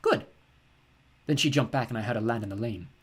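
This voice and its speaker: A man narrating an audiobook in first person, calm and plain. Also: medium pitch, rapid-fire, husky. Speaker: audiobook reader.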